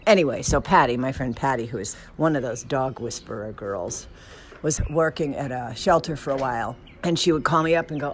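Animated rambling woman telling a story. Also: very deep voice, brisk, slight background noise. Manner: animated, rambling, squeals in quoted excitement. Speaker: dog owner telling a story. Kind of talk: casual storytelling. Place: outdoors then indoors at home with dogs.

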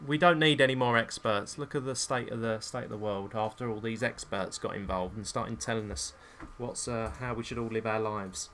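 A man's voice: on the low side, moderate pace, fairly bright tone, a little hiss or hum. A man, a hairdresser co-hosting a podcast, ranting in an opinionated, scornful way. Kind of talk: casual chat.

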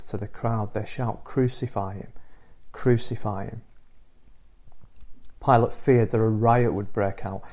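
A man preaching a sermon, retelling a story in an earnest, measured way with frequent pauses. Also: on the low side, a little mellow.

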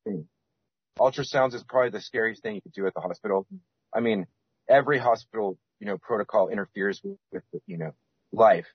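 A man's voice: fairly low pitch, animated, fairly quick, breathy edge, dry recording. A man as a podcast guest, rambling with many restarts and fillers. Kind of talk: casual podcast interview. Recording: dull lo-fi sound.

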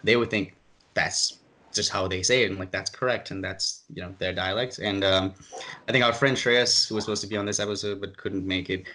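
Podcast host, man from Asia, low voice, casual and wry. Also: steady tone, brisk, sharp tone. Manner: thoughtful, dry, ironic. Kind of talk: casual chat.

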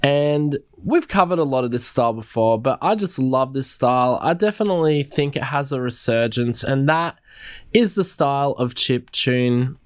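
A man's voice: mid-range voice, lively intonation, normal speed, no echo, clean studio sound. Upbeat man hosting a podcast. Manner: upbeat and enthusiastic. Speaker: podcast host. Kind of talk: casual podcast chat.

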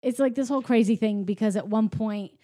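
A lively woman in her thirties retells a film scene by scene in casual chat, popping into quick voices for each character. Her voice sits a bit high, and the recording is dry and close with no room sound. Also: no echo. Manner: animated, acts out characters' lines in quick voices. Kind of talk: casual chat recapping a movie.

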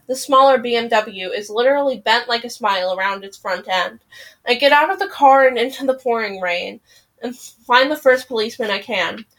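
A woman hosting a podcast, reading a novel aloud with an emotional, expressive delivery in first person. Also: a little high.

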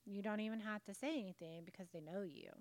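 A woman's voice: mid-range voice, fast talker, dry recording. Earnest, encouraging woman. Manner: earnest, encouraging, warm laughter. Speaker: podcast co-host. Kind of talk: casual faith-based chat.

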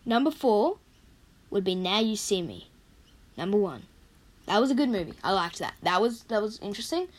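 Chatty young woman with a croaky voice. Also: medium pitch, big pitch swings, normal speed, long pauses. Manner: rambling, chatty, self-correcting. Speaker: vlogger. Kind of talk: casual movie countdown chat.

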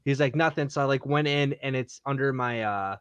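A man's voice: medium pitch, a little fast, smooth, no room sound. A man who creates comics, telling a convention story in casual podcast chat, acting out what people said and laughing often. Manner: animated storyteller, quotes others, laughs often.

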